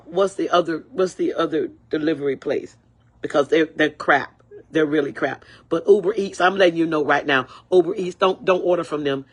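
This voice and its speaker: Husky older woman ranting angrily. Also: lowish voice. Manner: angry, repetitive, profane. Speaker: livestreamer. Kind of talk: angry livestream rant.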